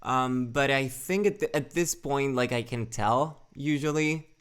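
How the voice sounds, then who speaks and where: A man's voice: mid-range voice, a little slow, fairly bright tone, smooth. Rambling, swearing young male streamer. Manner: rambling, swears a lot, answers chat; self-deprecating, laughs often. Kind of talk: casual live-stream chat.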